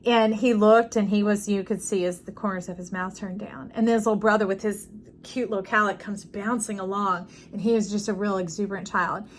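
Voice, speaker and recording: A woman doing an intuitive tarot reading, chatting to the listener directly and drifting into lively stories. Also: medium pitch, a little fast, a little hiss or hum. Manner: chatty, warm-hearted, digressive storytelling with animated quoted voices; addresses listener directly as y'all and love. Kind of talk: casual spiritual tarot reading.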